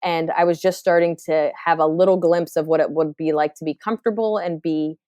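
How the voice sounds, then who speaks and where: Low, dark and clean, her voice keeps a steady tone at a brisk clip, captured dry with studio quality. She's a thirty-something woman comedian from New Jersey, guesting on a podcast and speaking candidly and reflectively, often starting her sentences over amid plenty of fillers.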